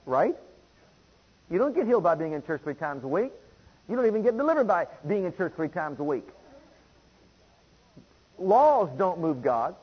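High husky-voiced man preaching. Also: sing-song, normal speed, pauses often, dull audio. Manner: emphatic, repeats phrases and reads scripture aloud. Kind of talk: sermon.

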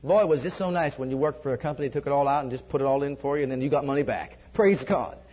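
Husky-voiced preacher, lo-fi. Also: male voice, medium pitch, quick pace. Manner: animated, conversational, laughs often. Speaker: preacher giving a testimony. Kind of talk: sermon storytelling. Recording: dull lo-fi recording.

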